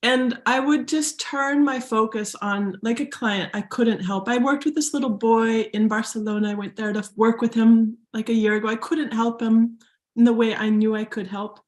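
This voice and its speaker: A woman's voice: on the high side, steady tone, moderate pace. Earnest American woman in a roomy echo. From United States. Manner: earnest, laughing, near tears at times. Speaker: guest, spiritual teacher and healer. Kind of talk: emotional personal story in an interview.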